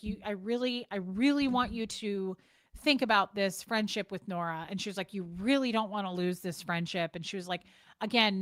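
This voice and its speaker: A woman's voice: medium pitch, fairly bright tone, no room sound, studio quality. A woman vlogger ranting frankly and with exasperation, swearing and repeating herself as she talks to the camera. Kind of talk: casual talking-to-camera rant.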